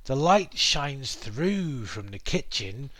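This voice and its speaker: A man's voice: mid-range voice, big pitch swings, takes it slowly, bright, forceful tone, no room sound. A British man hosting a podcast from his living room, rambling casually with fillers and asides while explaining English words. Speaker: podcast host. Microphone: computer mic at a desk.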